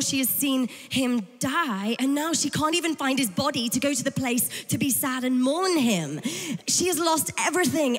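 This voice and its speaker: A woman preaching a sermon, telling the story dramatically with humour. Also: high voice. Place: church hall. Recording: echoey church hall.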